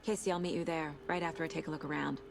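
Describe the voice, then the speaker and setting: An actress playing a calm, methodical female federal investigator who speaks steadily and with authority. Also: deep voice, rapid-fire, vocal fry, a little hiss or hum. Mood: businesslike. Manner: steady, commanding. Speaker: FBI agent.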